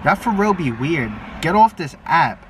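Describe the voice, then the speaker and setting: Young new guy on a phone video chat, brash and cussing a lot, kinda high voice, sounds far from the mic. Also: big pitch swings, unhurried. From New York. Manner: brash, profane, teasing. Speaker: YouTuber. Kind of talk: casual video chat with strangers. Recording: distant phone mic, faint background noise.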